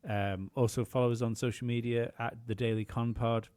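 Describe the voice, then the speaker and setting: A man's voice: medium pitch, level tone, a little fast, a little mellow, smooth. A man co-hosting a podcast, chatting casually, rambling with many fillers and some swearing. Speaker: podcast co-host.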